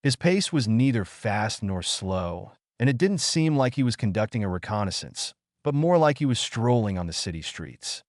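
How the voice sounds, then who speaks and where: Low-voiced male audiobook narrator. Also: very animated, moderate pace, few pauses, dry recording, clean studio sound. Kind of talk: scripted narration.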